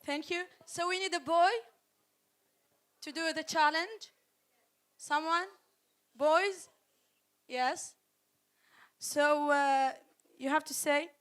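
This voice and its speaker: A woman with a high voice hosts a school game and lays out its rules for the students. She speaks at an unhurried pace and says each tongue twister slowly and distinctly. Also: steady tone, fairly bright tone. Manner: slow, carefully enunciated tongue twisters. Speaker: quiz host at a school reading event.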